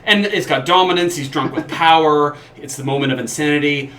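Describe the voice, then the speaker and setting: A man's voice: a little high, fairly quick, a bit bright, reverberant, a little hiss or hum. A man co-hosting a casual podcast, talking enthusiastically and rambling between points. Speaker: podcast co-host. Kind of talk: casual chat.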